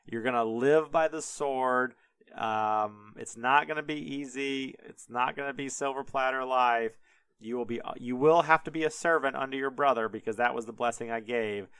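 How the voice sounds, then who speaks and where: An old father rambles sheepishly through his excuses, voiced by a man. The voice is barely changed from the speaker's own, smooth and dry. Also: mid-range voice, normal speed, fairly bright tone, dry recording, close to an everyday voice. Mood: resigned.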